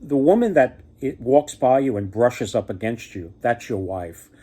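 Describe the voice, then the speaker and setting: A man's voice: medium pitch, expressive, a little slow, dark tone. A man voicing a helpful talking male condor in a casual storytelling, matter-of-fact and chatty. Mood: instructive.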